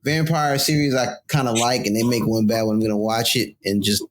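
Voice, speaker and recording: A man's voice: medium pitch, steady tone, fairly quick, a little hiss or hum. A man co-hosting a podcast, chatting casually with joking, opinionated fan takes. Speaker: podcast co-host. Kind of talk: casual chat.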